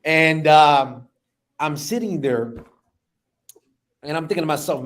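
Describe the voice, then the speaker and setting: A man in his thirties, a business owner telling an emotional personal story in an animated way, often repeating words. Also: a little high, takes it slowly, pauses often.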